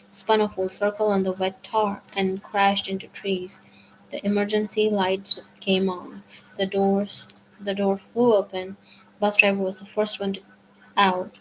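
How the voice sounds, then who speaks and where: A woman's voice: medium pitch, fairly bright tone, slight background noise, low-quality recording. Woman reading a novel aloud. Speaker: audiobook reader.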